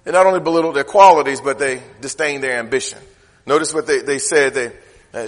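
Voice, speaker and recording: A man's voice: mid-range voice, brisk, long reverb tail. A man preaching a sermon, talking conversationally and firing off rhetorical questions. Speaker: pastor.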